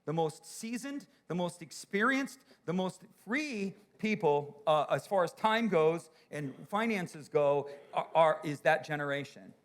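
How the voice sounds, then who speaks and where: A male pastor delivering a sermon in a slightly higher voice than most men. He tells a story, acts out the people he quotes, and builds to forceful, emphatic moments. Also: expressive, measured pace, few pauses. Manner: storytelling, voicing quoted people, rising to loud emphatic peaks.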